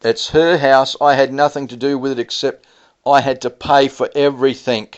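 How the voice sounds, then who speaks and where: A man's voice: medium pitch, steady tone, moderate pace. A middle-aged man telling a personal story in a vlog, rambling and aggrieved, often heated. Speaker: vlogger. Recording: dull lo-fi audio.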